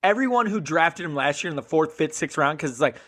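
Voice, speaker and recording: A man's voice: a little high, expressive, a bit bright. A man co-hosting a casual fantasy football podcast, chatty and analytical as he lays out his picks. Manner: chatty, analytical, quick agreeing interjections. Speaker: podcast co-host.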